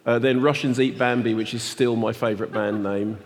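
A man in his sixties co-hosting a podcast, quick, playful and self-mocking in casual chat. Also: mid-range voice, fairly even intonation, big-room sound, a little hiss or hum. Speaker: podcast co-host.

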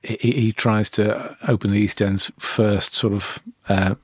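A man's voice: lowish voice, little pitch movement, a little slow, no echo, studio quality. A man co-hosting a comedy podcast, offering mock-earnest comic asides. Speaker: podcast co-host. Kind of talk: casual comedic chat.

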